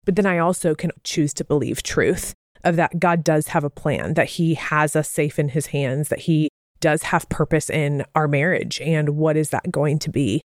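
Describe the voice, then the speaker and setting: A woman's voice: sits low, moderate pace, no echo, clean studio sound. A woman co-hosting a podcast, asking thoughtful, searching questions in a rambling way. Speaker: podcast co-host. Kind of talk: interview questions.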